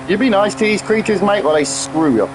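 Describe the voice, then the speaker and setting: A man's voice: sits high, lively intonation, brisk, noisy background. A man, chatting casually on a live game stream, swearing and easily irritated. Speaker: gaming streamer.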